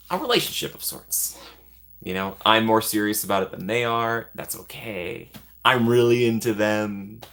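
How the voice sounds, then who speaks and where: A man's voice: on the low side, bright, forceful tone. A young man chatting casually as a vlogger, rambling and self-deprecating, laughing often. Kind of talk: casual chat.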